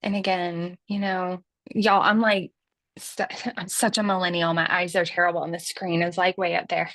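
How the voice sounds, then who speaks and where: A woman in her thirties with a light Southern accent, hosting a casual software tutorial in a chatty, folksy way. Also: lowish voice, level tone, moderate pace, no room sound. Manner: chatty and folksy, says y'all, laughs at herself. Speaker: livestream host demonstrating software.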